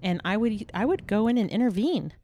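A woman co-hosting a casual, faith-based podcast chat, an animated storyteller who acts out the voices she quotes. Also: mid-range voice, brisk, slight background noise. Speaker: podcast co-host.

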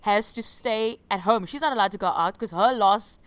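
A woman telling stories in a casual chat, animated and laughing often. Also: mid-range voice, moderate pace, clear, resonant tone, no room sound. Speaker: radio co-host.

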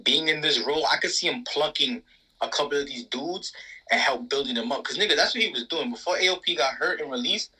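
Animated, husky-voiced man with a bright tone. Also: fairly high pitch, fast, rough recording. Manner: animated, profane, emphatic. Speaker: podcast co-host. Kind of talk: casual wrestling chat.

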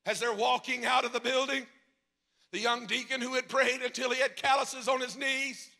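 A man preaching a revival sermon as pastor, shouting in a sung cadence at the peaks and dropping low and quiet in between. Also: little pitch movement, normal speed, vocal fry. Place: church sanctuary. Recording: long reverb of a large hall.

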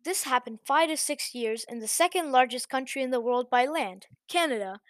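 A woman narrating an online story as the host of a channel, in a lively, chatty manner. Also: high voice, moderate pace.

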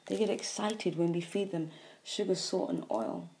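A woman speaks earnestly about diet and disease, hammering home points with repeated lists. Her voice sits low and sounds mellow, and she lingers on key words. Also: big pitch swings, unhurried. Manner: earnest, emphatic, repetitive lists. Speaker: health speaker. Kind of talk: impassioned health monologue.

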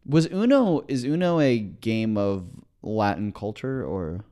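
A man's voice: fairly low pitch, animated, unhurried, mellow. A man co-hosting a comedy podcast, playful and teasing. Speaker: podcast co-host. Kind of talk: casual comedy chat.

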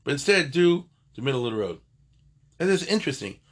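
An older man teaching a loose, chatty Talmud class. His voice is husky and sits at an ordinary pitch. He wanders off on asides and corrects himself mid-sentence. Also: very animated, brisk. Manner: digressive, conversational, self-correcting. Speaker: Torah teacher.

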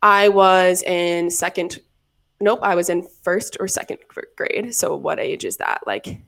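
A woman's voice: lowish voice, a little slow, gravelly, a bit bright. A woman in her twenties co-hosting a podcast, telling a long story in a rambling, casual way full of fillers. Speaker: podcast co-host. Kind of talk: casual chat.

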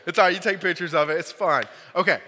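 A man's voice: sits high, quick pace, pushed and bright. A young man, a youth pastor, telling a personal story in a casual, joking sermon, full of "like" and "right?". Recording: large hall with long reverb.

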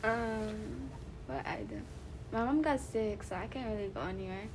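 A woman's voice: mid-range voice, sing-song, moderate pace, a little hiss or hum. A young woman co-hosting a podcast in casual chat, telling her stories by quoting what others said. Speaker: podcast co-host.

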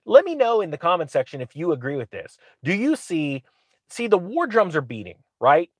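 A man's voice: a little high, wildly swooping pitch, normal speed, no room sound. A man giving opinionated commentary, sarcastic, often acting out quotes in mocking voices.

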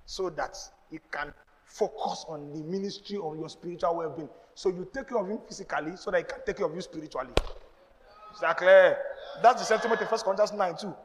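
Preaching with forceful call-and-response to his congregation, a pastor with a Nigerian accent speaks fairly quickly in a high-pitched voice. The church recording carries a long reverb from the large hall, plus a little hiss or hum.

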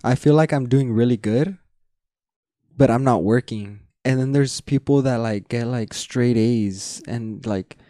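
A young man co-hosts a podcast in a loose, rambling chat full of fillers, restarts and frequent laughter. His mid-range voice has a dark tone and a measured pace, recorded clean in a studio with no room sound.

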